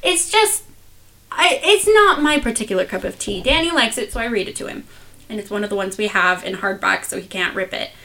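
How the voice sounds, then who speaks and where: A woman's voice: mid-range voice, lively intonation, a little fast, pushed and bright. A young woman chatting casually and giggling, with lots of fillers. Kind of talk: casual chat.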